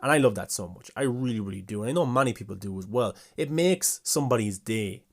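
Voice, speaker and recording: A man's voice: lowish voice, expressive, quick pace. Chatty young man, enthusiastic fan host. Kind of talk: casual commentary reading fan questions.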